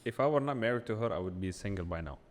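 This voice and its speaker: A man's voice: fairly low pitch, lively intonation, racing, long reverb tail. A man co-hosting a casual podcast, joking and then giving earnest opinions. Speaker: co-host.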